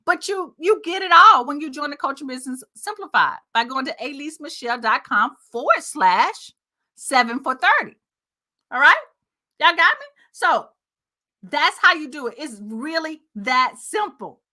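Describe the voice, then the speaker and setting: Upbeat woman coach, high bright voice, chatty, speaks straight to viewers. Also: lively intonation, moderate pace. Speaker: marketing coach. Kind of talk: casual talking-head video.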